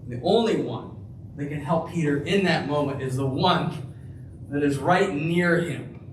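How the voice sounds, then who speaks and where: A male pastor preaching a sermon in a church, slow and emphatic, dropping to a hush for key phrases. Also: on the high side, slight background noise. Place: church sanctuary. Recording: echoey room, heard from a distance.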